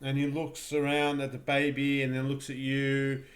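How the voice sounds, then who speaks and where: A man narrating a tabletop game as game master, rambling through his descriptions with halting restarts. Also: medium pitch, completely flat delivery, echoey room.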